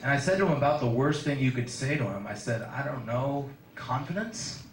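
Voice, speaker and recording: A young man doing a stand-up set in a small comedy café, with a deadpan, slow and awkward delivery. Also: medium pitch, a little hiss or hum. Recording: roomy club sound from far off, audience.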